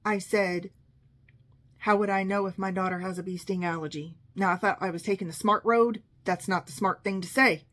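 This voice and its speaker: A middle-aged woman spins a long story from her own life, dry and sarcastic, with an exasperated edge as she quotes the people involved. Her voice sits in an ordinary middle pitch. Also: steady tone, normal speed, fairly bright tone. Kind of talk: casual storytelling monologue.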